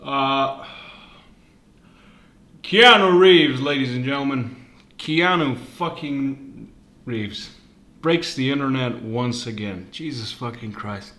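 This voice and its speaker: A man hosting a podcast on his own from his living room, rambling and swearing, jumping between loud bursts and hushed asides. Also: medium pitch, slow. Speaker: podcast host. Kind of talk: casual rant.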